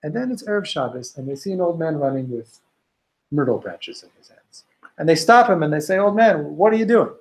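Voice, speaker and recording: Animated man teaching Talmud. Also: a little high, a little fast, rough recording. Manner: storytelling, animated, many restarts, Hebrew and Aramaic quotes. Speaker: Torah teacher. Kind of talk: informal Talmud class.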